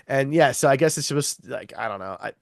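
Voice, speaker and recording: A man's voice: mid-range voice, expressive, quick pace, creaky, no echo, clean studio sound. A man co-hosting a casual film podcast, explaining scenes hesitantly and searching for words. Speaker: podcast co-host. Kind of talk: casual film review chat.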